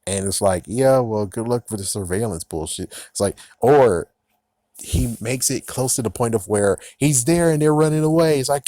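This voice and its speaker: Low-voiced, sarcastic man with a dry sound. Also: animated, a little slow, a little mellow, dry recording. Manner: sarcastic, profane, frequently laughing. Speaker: TV episode reviewer. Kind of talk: casual recap and review.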